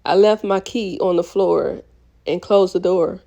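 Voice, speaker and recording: A woman's voice: lowish voice, a little slow, gravelly, dark tone. A woman reading a novel aloud as host of her channel, with casual, chatty asides. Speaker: book reader, channel host.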